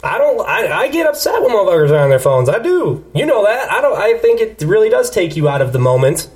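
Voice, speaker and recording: A man's voice: high voice, big pitch swings, quick pace. A man hosting a casual podcast chat, blunt, profane and joking. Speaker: podcast host.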